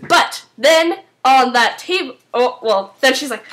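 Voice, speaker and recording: High-voiced young woman, excited rambling. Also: measured pace, few pauses, slight background noise. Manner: excited and rambling, many "like"s and fillers. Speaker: vlogger recapping a TV episode. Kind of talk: casual spoken recap.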